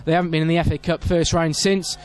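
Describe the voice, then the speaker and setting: Male club radio commentator with a high voice, lots of hesitations, loud at big chances. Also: steady tone, quick pace, clean tone. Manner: reads team sheets with many fillers, rises sharply at big moments. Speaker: football match commentator. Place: outdoor football stadium.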